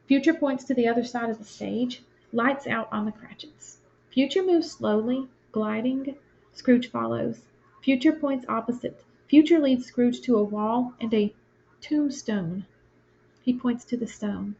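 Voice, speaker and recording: A woman's voice: fairly high pitch, unhurried, gravelly, dark tone. A woman teacher reading a play's stage directions aloud and explaining the scenes to her class in a plain, conversational way. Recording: lo-fi, dull sound.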